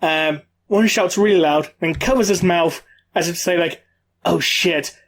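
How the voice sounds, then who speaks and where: High-voiced man co-hosting a podcast. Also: moderate pace. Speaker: podcast co-host. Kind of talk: casual chat.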